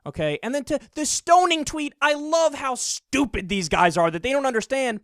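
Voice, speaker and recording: A man giving heated, sarcastic political commentary, mocking his opponents and sometimes rising to an angry near-shout. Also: very high voice, sing-song, moderate pace, few pauses, dry recording, studio quality. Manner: sarcastic, mocking, mimics opponents in put-on voices.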